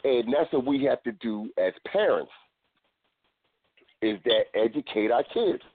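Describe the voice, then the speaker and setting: A man's voice: medium pitch, animated, a little slow, husky. Man with a stumbling, phone-line voice. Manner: repeats words and restarts phrases. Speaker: podcast host. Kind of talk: casual chat. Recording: tinny phone-line sound, dry.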